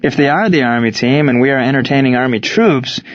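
A man voicing a sharp-witted young male ballplayer who reasons out loud as he asks. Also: medium pitch, a little fast, no room sound, natural voice. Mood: curious. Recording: slightly dull lo-fi recording.

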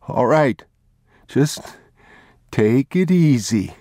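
A man's voice: mid-range voice, animated, drawn-out words, warm tone, dry recording, clean studio sound, voice pushed up. A man reading an audiobook, voicing a desperate, starving thief who begs frantically. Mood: begging. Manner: begging, frantic.

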